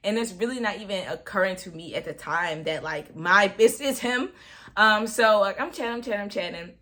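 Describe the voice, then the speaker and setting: A woman chatting through a personal storytime in an animated, loose way, full of fillers. Her voice is bright and lively. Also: medium pitch, fairly quick. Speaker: vlogger. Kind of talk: casual storytime.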